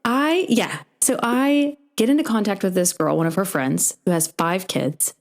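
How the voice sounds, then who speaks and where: Speaking in a mid-range voice at a moderate pace, a young podcast host tells a lengthy story casually and with plenty of animation, performing the voices of each person she quotes.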